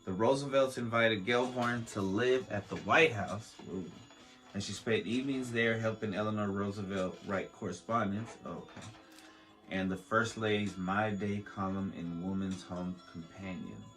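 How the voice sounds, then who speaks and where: A man's voice: lowish voice, moderate pace, a bit bright, soft background music, poor audio. A man hosting a podcast, reading a history aloud with stumbles, restarts and joking asides. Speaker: podcast host. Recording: faint beat playing under the voice.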